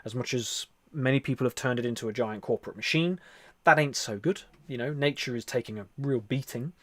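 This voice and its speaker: A man hosting a spiritual livestream, talking earnestly and repetitively, then softly whispering into a close microphone as he guides a meditation. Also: medium pitch, a little fast, no echo. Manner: earnest, repetitive, soft-spoken. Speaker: livestream host.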